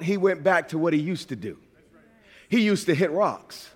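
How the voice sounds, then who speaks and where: A man from New York preaching a sermon as a pastor, animated and at times shouting. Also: on the high side, normal speed, big-room sound.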